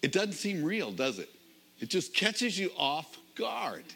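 Middle-aged male pastor, slightly high, bright voice; chatty sermon with stories, slows on key phrases. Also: very animated, creaky, breathy edge. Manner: conversational storytelling, varied emphasis, slows for key phrases.

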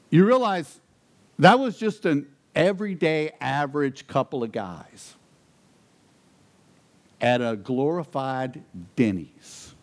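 A man preaching to a congregation, telling a personal story and then building to emphatic questions. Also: medium pitch. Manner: animated, rising to emphatic peaks. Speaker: pastor. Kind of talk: sermon storytelling.

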